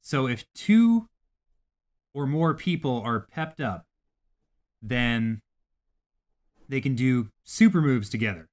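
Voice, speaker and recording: A man's voice: medium pitch, lively intonation, takes it slowly, pauses often, a little mellow. A man co-hosting a gaming podcast, talking casually and animatedly, swearing freely as he rants about games. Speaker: podcast co-host.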